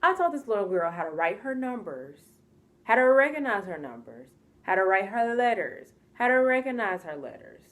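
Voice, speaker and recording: In a casual storytime vlog, a young US woman gets animated and exasperated as she performs the lines people said to her. Her pitch is medium and her pace normal.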